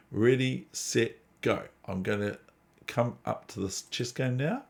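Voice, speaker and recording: A man's voice: mid-range voice, slow, creaky. A man hosting a chess channel, talking in a chatty, digressive, self-deprecating way. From New Zealand. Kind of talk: casual rambling commentary.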